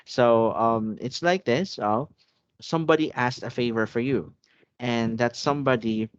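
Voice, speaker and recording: A man's voice: medium pitch, measured pace, clean tone, no room sound, muffled recording. A man tutoring English in an online one-on-one lesson, patiently checking that his student understands.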